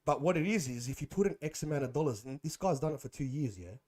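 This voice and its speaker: A young man, a guest on a podcast, telling animated stories in slangy casual chat. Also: fairly high pitch, fast talker. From Australia. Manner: animated storytelling, slangy, says bro and man.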